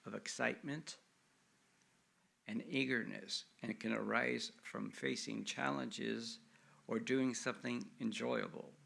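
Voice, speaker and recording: Slow, gravelly-voiced male minister. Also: mid-range voice. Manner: slow, gentle, measured delivery with short phrases. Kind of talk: sermon with affirmative prayer. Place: church sanctuary.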